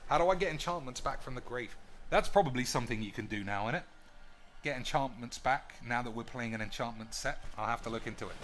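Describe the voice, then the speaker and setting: A man's voice: medium pitch, quick pace, a bit bright. A man streaming a card game, thinking aloud with crude, joking banter. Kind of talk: casual gameplay commentary.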